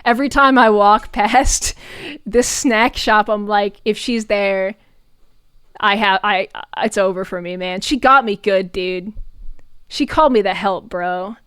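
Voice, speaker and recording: A young adult woman streamer telling a story in casual chat, animated, swearing often and laughing between lines. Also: mid-range voice, measured pace, clear, resonant tone, no room sound, clean studio sound.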